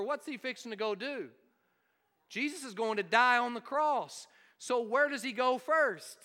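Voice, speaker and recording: A man's voice: very high voice, bright, forceful tone, clear, resonant tone, in a large hall. A man preaching a sermon, emphatic and questioning his congregation. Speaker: pastor.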